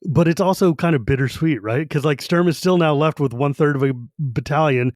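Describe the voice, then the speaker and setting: A man's voice: a little high, fairly quick, darkish tone, dry recording, clean studio sound. A man hosting a podcast, casually retelling a book chapter in a rambling way. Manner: rambling retelling, lots of "he's like". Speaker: podcast host.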